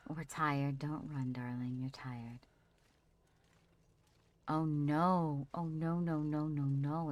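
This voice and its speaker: A woman's voice: low voice, a little mellow. A woman streaming a survival game, chatting casually with her viewers and fondly talking to her character as she plays. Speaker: livestreamer. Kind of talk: casual gameplay commentary.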